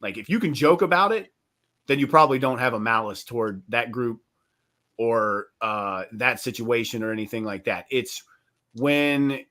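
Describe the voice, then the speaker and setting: Comedian guest, male, from West Virginia: bright, mid-pitched, rambling and profane. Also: normal speed. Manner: rambling, profane, animated with many fillers. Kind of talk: casual podcast chat.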